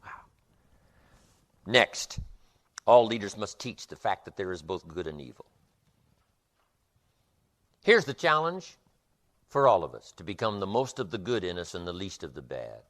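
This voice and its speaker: A man's voice: low voice, very animated, a little slow, pauses often, a bit bright. A man giving a motivational seminar lecture with an emphatic, repetitive rhythm. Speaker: motivational speaker.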